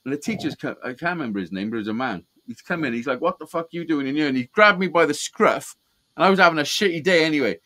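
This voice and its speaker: Fast, pushed and bright, his slightly high voice has lively intonation, though the recording is low quality. He runs a live call-in stream, telling stories in a laid-back, heavily profane way and laughing at his own material.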